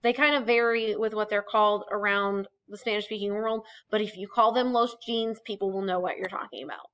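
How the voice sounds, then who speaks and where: A woman's voice: medium pitch, fairly even intonation, fairly quick, a bit bright, poor audio. A woman teaching a casual recorded vocabulary lesson, chatty and explaining with asides and fillers. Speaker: Spanish teacher.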